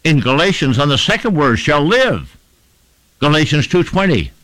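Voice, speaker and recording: A male preacher delivering a sermon with a lively, rising-and-falling voice. He leans hard on key words and builds rhythmic lists of repeated phrases. The sound is close and dry, with almost no room echo. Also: fairly high pitch, brisk.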